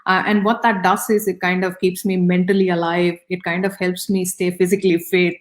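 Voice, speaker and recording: A middle-aged woman with an Indian accent and a fairly low voice talks a little fast in a level tone. She is an interview guest, thoughtful and conversational, with frequent fillers and restarts.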